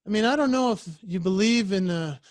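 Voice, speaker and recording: A man who is a professional speaker, telling a story in a lively keynote style and acting out voices and sounds over a video call. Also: high-pitched, a little fast, no room sound, studio quality.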